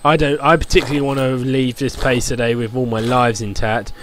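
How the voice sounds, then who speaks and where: A man's voice: medium pitch, flat delivery, fairly quick, a bit bright, slight background noise. A man giving casual, rambling commentary while playing a building game, chatty and full of "like" fillers. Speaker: gameplay commentator.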